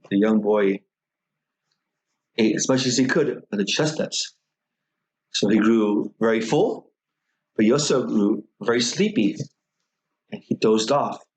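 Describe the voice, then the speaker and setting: Buddhist minister guy telling a spooky folktale, super slow and unhurried, average pitch. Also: low-quality recording. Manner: slow, measured telling with many pauses. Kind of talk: storytelling dharma talk.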